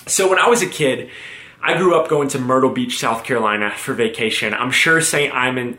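An energetic young man preaches with a joking, storytelling manner. His medium-pitched voice rings out in a roomy, echoing hall, and he jumps up into bright, excited bursts as his stories build. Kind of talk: sermon with storytelling. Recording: roomy echo.

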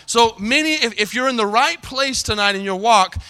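A middle-aged man preaching a sermon from a church pulpit, his voice high and bright. He speaks with a smooth, resonant clarity and keeps drawing the congregation in with calls for an amen. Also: normal speed. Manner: preaching with call-and-response "amen" questions. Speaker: pastor. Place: church sanctuary.

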